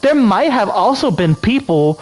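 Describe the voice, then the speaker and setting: A man's voice: sits high, very animated, normal speed, pitched above the performer's own voice, rough recording. A man voicing an anxious young woman lost in a strange world, reading game text in a put-on Valley Girl accent with rising, upswinging lines.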